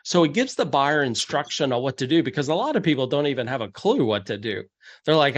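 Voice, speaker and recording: A man's voice: mid-range voice, sing-song, fast. A man giving a conversational, step-by-step seminar presentation on real estate deals, slipping into quoted voices of buyers and investors.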